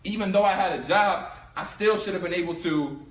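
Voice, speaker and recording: Animated young man, echoey room. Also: sits high, a little fast. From Philadelphia. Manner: animated, acts out both sides of the story. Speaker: speaker giving a talk on income. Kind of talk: storytelling talk to a live audience. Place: room with an audience.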